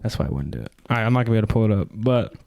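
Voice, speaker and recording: Fast-talking young man reacting to a film. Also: on the low side, lively intonation, vocal fry, muffled recording, a little hiss or hum. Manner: quick, rambling, lots of restarts. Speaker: podcast co-host. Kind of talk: casual movie reaction chat.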